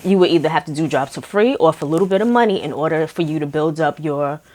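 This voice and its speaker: A young woman telling a story from her work as a makeup artist in a casual, animated way, acting out the dialogue. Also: low voice, fast. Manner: chatty, animated, acts out dialogue with laughs.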